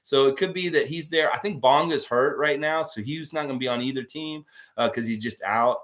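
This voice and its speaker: A man's voice: medium pitch, brisk, a bit bright. A man hosting a casual fan livestream, reading out viewer comments and rambling through a story with lots of filler words. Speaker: sports fan livestream host.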